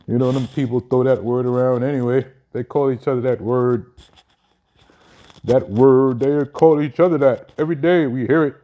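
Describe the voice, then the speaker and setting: A young man doing casual comedic commentary, animated and quick to slip into acted voices and asides. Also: medium pitch, highs cut off. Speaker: comedian vlogger.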